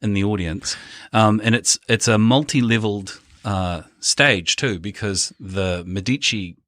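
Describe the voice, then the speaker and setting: A man hosting a podcast, chatty and quick to laugh. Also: fairly low pitch, fairly bright tone, no echo. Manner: chatty, laughs easily, plugs events. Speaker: podcast host. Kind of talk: casual podcast chat.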